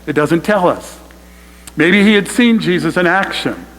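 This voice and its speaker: A man with a fairly high voice preaches an emphatic sermon, speaking straight to his congregation. The sound rings with the long reverb of a church hall. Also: lively intonation, a little slow, a bit bright. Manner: emphatic, addresses congregation as "you guys". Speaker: pastor. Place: church sanctuary.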